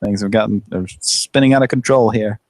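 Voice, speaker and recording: A man's voice: on the low side, fairly quick, darkish tone, a little hiss or hum. A man hosting a live prank call show, chatting casually, rambling and laughing often.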